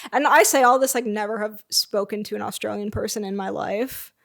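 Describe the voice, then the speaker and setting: A woman's voice: mid-range voice, steady tone, a little fast, gravelly, fairly bright tone. A young woman co-hosting a podcast in casual, playful chat, full of "like" and "um". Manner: playful, joking, lots of "like" and "um". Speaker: podcast co-host.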